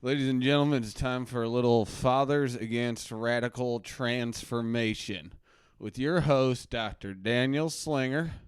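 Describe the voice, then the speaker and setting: Man acting as a ranting crusader doctor, blustering and paranoid, clear resonant voice, close dry basement mic. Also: mid-range voice, dry recording, lightly acted. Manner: ranting, swings from muttering to shouting. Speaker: comedy show host. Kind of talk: satirical character live stream. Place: home basement.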